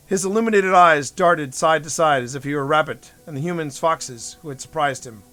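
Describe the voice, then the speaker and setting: A man's voice: on the high side, brisk, pushed and bright, soft background music. A man streaming a bedtime story reading, narrating expressively and giving each character a voice.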